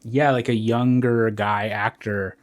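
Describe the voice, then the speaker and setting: A man's voice: lowish voice, flat delivery, slow, dry recording, studio quality. A man co-hosting a podcast in a loose, rambling chat, full of fillers and swearing. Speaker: podcast co-host. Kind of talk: casual chat.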